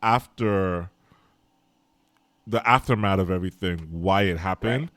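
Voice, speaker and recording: Man, slightly low voice, dry close sound, eager film chat, self-correcting. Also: measured pace, fairly bright tone, dry recording. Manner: enthusiastic, repeats words, corrects himself mid-sentence. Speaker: podcast co-host. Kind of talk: casual film discussion.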